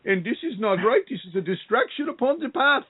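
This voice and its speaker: A man putting on an Indian accent to voice a stern male spiritual teacher who lectures in a high, preachy tone. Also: sing-song, fairly quick, breathy edge, full character voice. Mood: disapproving. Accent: Indian (put on). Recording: tinny phone-like line.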